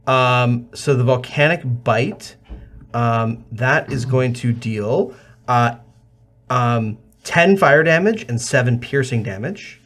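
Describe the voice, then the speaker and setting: Male game master, mid-pitched, unhurried, methodical with the numbers. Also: a bit bright. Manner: methodical, calling out rolls and damage. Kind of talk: narrating a tabletop game.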